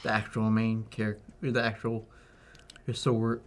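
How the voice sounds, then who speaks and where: A man's voice: on the low side, monotone, normal speed. A man co-hosting a film review podcast, chatting casually with short, laid-back replies. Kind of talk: casual movie review chat.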